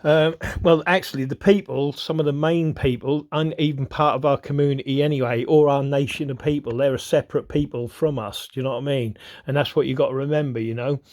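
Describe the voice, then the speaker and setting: Bloke rambling on camera, swears a lot, keeps going "you know what i mean", gets worked up. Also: male voice, medium pitch, fairly even intonation, fairly quick, a little mellow. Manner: grows agitated and heated. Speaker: video host. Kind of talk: rambling casual monologue.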